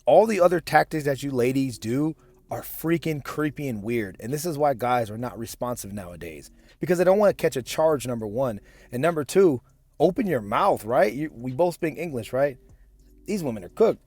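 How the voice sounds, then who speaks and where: A man's voice: medium pitch, expressive, normal speed, darkish tone, no echo. Guy reacting to dating clips, blunt and slangy, dry close mic no room sound. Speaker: reaction show host. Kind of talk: casual commentary on clips.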